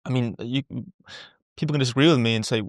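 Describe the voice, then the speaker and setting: A man's voice: mid-range voice, fast, no room sound, clean studio sound. A man speaking as a podcast guest, talking candidly and loosely, repeating words as he goes and swearing casually. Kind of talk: candid conversational interview.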